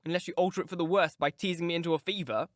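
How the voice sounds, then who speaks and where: A man's voice: a little high, steady tone, racing, no echo, studio quality, close to an everyday voice. A man reading an audiobook, voicing a sickly, spiteful teenage boy with a whiny, petulant manner. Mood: self-pitying.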